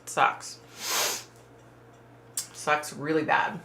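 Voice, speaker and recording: Answering her chat on a home livestream, this woman is chatty and sympathetic, letting sentences trail off into fillers. Her low, bright-edged voice is flat, with drawn-out words and vocal fry. The echoey room adds a roomy sound, with a little hiss or hum.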